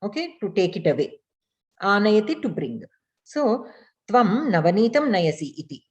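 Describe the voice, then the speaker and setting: A woman of medium pitch teaching a language class. She reads each line aloud, then patiently repeats and translates it, checking in with her students as she goes. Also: big pitch swings, normal speed, muffled recording. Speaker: Sanskrit teacher. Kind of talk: online class lesson, reading and explaining.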